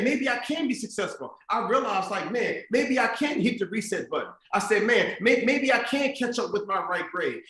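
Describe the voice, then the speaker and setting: A man's voice: high-pitched, fairly bright tone. A young man with a slightly raised voice speaks to a room of teachers. He builds his motivational speech through repeated phrases and rhetorical questions. The sound is roomy and echoey, as in a large event space. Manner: repetitive preaching cadence with rhetorical questions.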